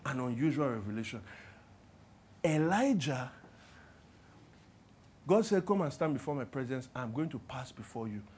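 A man preaching a sermon, asking the congregation to fill in his words and swinging from hushed to loud. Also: medium pitch, lively intonation, moderate pace, pauses often. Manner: call-and-response questions, swings from hushed to loud. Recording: clear music playing behind the voice.

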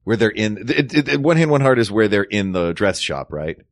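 A man co-hosting a casual podcast chat, joking and animated as he talks. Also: lowish voice, brisk, no room sound, clean studio sound. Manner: animated, jokey, puts on voices in quotes. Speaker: podcast co-host.

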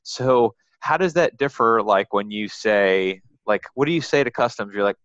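A man's voice: fairly low pitch, animated, moderate pace, few pauses, a bit bright, no echo. A man co-hosting a podcast, chatting in an easygoing way and chuckling along. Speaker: podcast co-host. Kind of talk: casual chat. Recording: dull dry sound.

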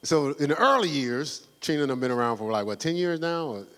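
Male pastor, sermon, fervent and slangy; lively delivery with long hall echo. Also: fairly high pitch, brisk. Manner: fervent and conversational, slangy, exhorting the congregation.

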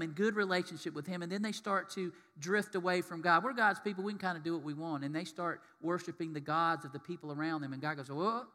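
High-voiced, bright-toned pastor in a big hall. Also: male voice. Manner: animated, acts out quoted voices, asks rhetorical questions. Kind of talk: sermon.

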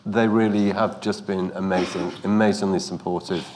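A man, a producer speaking on a panel in a halting, chatty way and laughing often. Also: deep voice, fairly even intonation, a little mellow, slight background noise. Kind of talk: panel talk.

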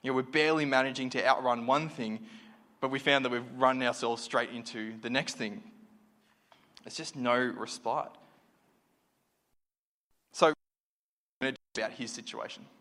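A man's voice: medium pitch, steady tone, moderate pace, pauses often, pushed and bright. A man giving a conversational, reflective sermon, full of fillers and restarts. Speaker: preacher. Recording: reverberant hall.

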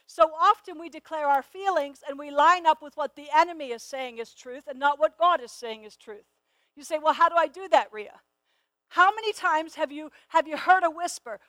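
A middle-aged woman teaching a sermon in an earnest way, often repeating words as she starts, and slowing down to stress key phrases. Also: high voice, a bit bright, dry recording. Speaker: Bible teacher.

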